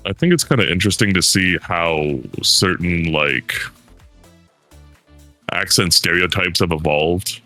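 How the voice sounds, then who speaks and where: A man's voice: low-pitched, measured pace, bright, forceful tone, faint music behind. A man in a casual panel chat, rambling with many fillers and now and then mimicking others for laughs. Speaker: panel guest.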